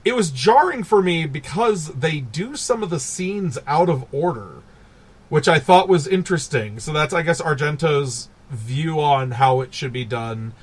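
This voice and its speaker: A man co-hosting a casual podcast, animated and laughing as he recaps films and acts out characters. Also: a little high, unhurried, slightly rough. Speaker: podcast co-host. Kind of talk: casual chat.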